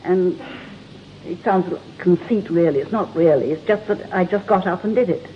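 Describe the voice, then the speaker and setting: Speaking at a moderate pace in a lowish voice, an older Englishwoman chats away as a guest on a talk show, telling stories and laughing frequently. The broadcast sound is dull and lo-fi, with a faint hiss.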